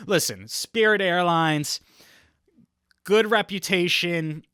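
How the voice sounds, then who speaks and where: A young man hosting a comedy podcast alone, riffing in a rambling, deadpan way and laughing at his own lines. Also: sits high, slow, smooth, no echo, clean studio sound. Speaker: podcast host. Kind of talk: comedic solo podcast monologue.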